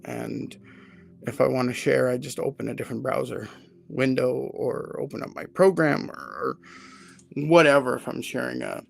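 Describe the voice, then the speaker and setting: A man's voice: mid-range voice, fairly even intonation, normal speed, gravelly. A man in his forties hosting a casual live stream from home, rambling and joking at his own expense. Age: 40s. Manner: rambling, self-deprecating and joking. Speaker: livestream host, HR consultant.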